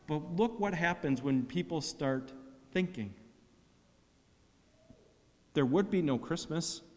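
High-voiced preacher in a reverberant hall. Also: male voice, lively intonation. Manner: dramatic, swings from loud emphasis to hushed, slow phrasing. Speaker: pastor. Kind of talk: sermon.

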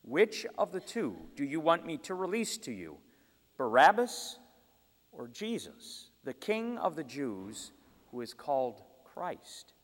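A man's voice: on the high side, wildly swooping pitch, slow, exaggerated voice. A man reading the lines of a troubled male Roman governor, pleading and questioning insistently. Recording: long hall reverb.

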